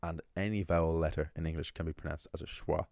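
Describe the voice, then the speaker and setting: An Irish man teaching a language lesson in a relaxed, thinking-aloud way, with ums and quick self-corrections. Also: rumbling low, vocal fry, no echo, studio quality. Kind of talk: casual explainer lesson.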